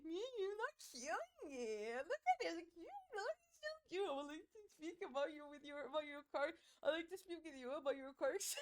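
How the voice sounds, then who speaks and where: A woman's voice: high voice, animated, fairly quick. A young woman streaming a game, chatting casually with her chat, giggling and swearing.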